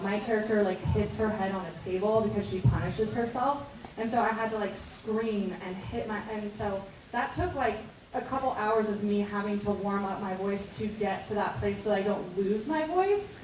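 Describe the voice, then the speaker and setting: A woman's voice: mid-range voice, moderate pace, a little mellow. A woman voice actor chatting casually on a convention panel, with lots of fillers. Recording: echoey room, distant mic, hiss.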